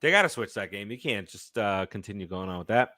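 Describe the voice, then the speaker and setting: A man's voice: on the low side, animated, fast talker, bright, forceful tone, no room sound, clean studio sound. A man co-hosting a sports and movie podcast, talking casually with lots of fillers and restarts. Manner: rambling, many fillers and restarts. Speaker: podcast co-host. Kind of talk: casual chat.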